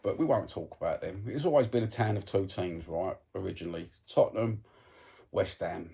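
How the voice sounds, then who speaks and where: A Cockney football fan vlogger from East London, England rants bluntly to his phone camera in a casual monologue, swearing and saying um a lot. His low-pitched voice is warm, creaky and slightly rough, at a moderate pace.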